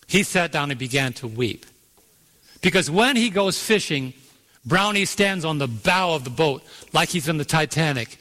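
A man's voice: fairly high pitch, sharp tone. A man preaching a sermon, telling a story and drawing out key words, asking the congregation to fill in answers. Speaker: pastor. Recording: long reverb of a large hall.

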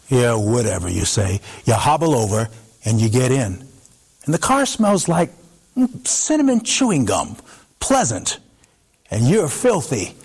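A man narrating a story in the second person in an expressive, dramatic way, pausing for effect. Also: mid-range voice.

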